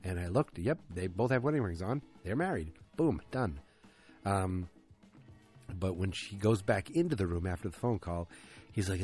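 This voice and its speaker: A man's voice: sits low, expressive, normal speed, darkish tone, soft background music. A man casually recapping a TV episode, ranting, swearing and drifting off on tangents.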